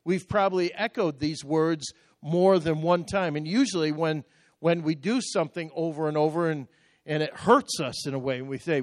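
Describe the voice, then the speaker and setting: An older man preaching a sermon, telling personal stories with sudden loud bursts. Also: a little high, dry recording, clean studio sound. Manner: storytelling with sudden loud outbursts. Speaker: pastor.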